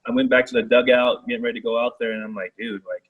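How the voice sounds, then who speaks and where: A young man, a baseball pitcher, talking casually as a guest, with lots of "like" and "you know". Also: fast, breathy edge, narrow, tinny audio. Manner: relaxed, filler-heavy talk with many "like"s. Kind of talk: casual chat.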